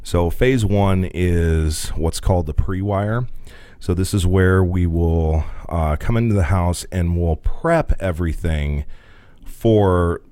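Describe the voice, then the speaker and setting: A man's voice: low-pitched, takes it slowly, dark tone, no echo. A man co-hosting a podcast, telling a work story in a casual, profane way and laughing along. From rural Midwest US. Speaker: podcast co-host.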